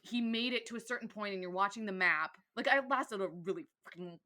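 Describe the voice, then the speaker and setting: A young woman co-hosting a podcast in casual chat, animated and quick to laugh, full of "like" fillers. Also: mid-range voice. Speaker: podcast co-host.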